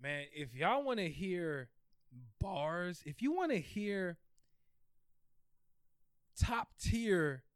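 A man co-hosting a casual music podcast, talking in a slightly high voice. He jokes, laughs and ribs his partner. The sound is dry and close to the mic. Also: drawn-out words, pauses often, clean tone, no room sound. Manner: animated, laughing, playful ribbing. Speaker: podcast co-host. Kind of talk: casual music review chat.

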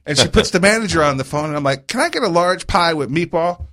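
New york guy hosting, lively swoopy voice, swears a lot telling stories. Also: fairly high pitch, fast. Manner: animated, profane storyteller. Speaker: host. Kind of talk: casual chat, storytelling.

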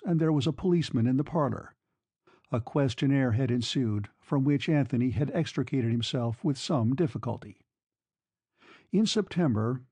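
A man reads a classic novel aloud at a measured pace, shading the characters' lines lightly. His voice is mellow and slightly husky. The recording is dry and close. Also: mid-range voice, no room sound. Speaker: audiobook reader. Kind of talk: scripted narration.

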